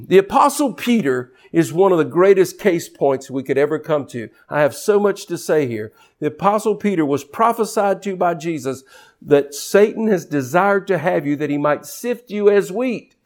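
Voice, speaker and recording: A man preaching a sermon with passion, repeating words as he builds a point and swinging from low, quiet stretches to high, rising emphasis. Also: lively intonation, moderate pace.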